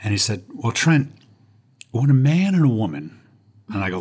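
Guy with a husky low voice, joking guest telling his story, deadpan punchlines. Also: normal speed, long pauses. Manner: self-deprecating, punchline delivery. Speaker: interview guest. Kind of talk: humorous personal storytelling.

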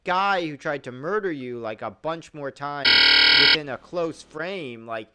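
A man's voice: on the high side, expressive, unhurried, very noisy. A man rambling casually about a TV series, leaning heavily on "like" and laughing at its plot holes.

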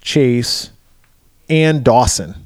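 A podcast co-host casually recaps a film's plot, loose and profane, packing his talk with fillers and swearing. His medium-pitched voice is animated yet very slow, recorded dry in a clean studio.

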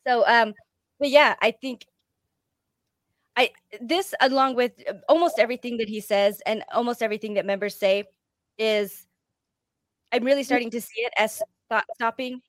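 A woman's voice: a little high, moderate pace, long pauses, no room sound. Candid woman in a dry, close recording. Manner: candid, reflective, searching for words. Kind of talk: casual podcast discussion.

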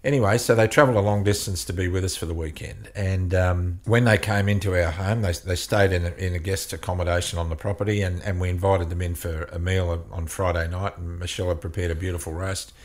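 A man with a very deep voice tells a story from his work as a couples counselor. He speaks in halting bursts, often repeating words before pushing on. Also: steady tone. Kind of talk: storytelling in an interview.

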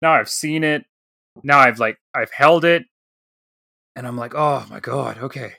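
A man in his thirties tells a casual story on a podcast, slipping into the voices of the people in it. His voice is bright and forward. The sound is dry and close, with no room around it. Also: medium pitch, a little slow, creaky, no room sound. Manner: animated storyteller, acts out quoted dialogue. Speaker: podcast co-host.

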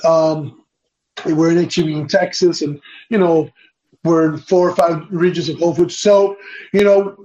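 Interviewed over video call as an entrepreneur, a man talks casually at normal speed, full of fillers and false starts. His voice is a little high and a little mellow with a steady tone, and the lo-fi recording sounds dull.

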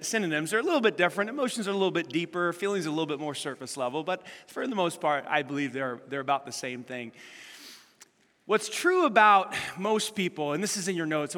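A middle-aged man preaching a sermon as a pastor, telling stories with animation and acting out what people said. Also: on the high side. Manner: animated storytelling, acts out quotes. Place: large church hall. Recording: long hall reverb.

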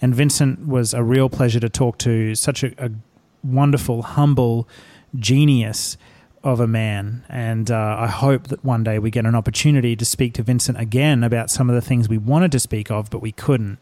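A man's voice: mid-range voice, steady tone, moderate pace, mellow, no echo. A man hosting a podcast, introducing an interview and asking questions in an earnest, admiring way. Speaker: podcast host.

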